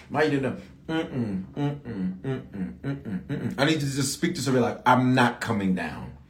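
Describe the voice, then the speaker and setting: Animated preaching man, echoey church. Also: medium pitch. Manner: animated, calls out to the congregation for response. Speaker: bishop preaching to a congregation. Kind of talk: sermon.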